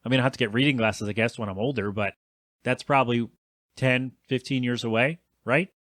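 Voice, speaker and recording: A man's voice: medium pitch, steady tone, fairly quick, fairly bright tone, dry recording, clean studio sound. A man in his thirties hosting a solo podcast, rambling in a chatty, self-deprecating way and answering his own asides. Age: 30s. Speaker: podcast host.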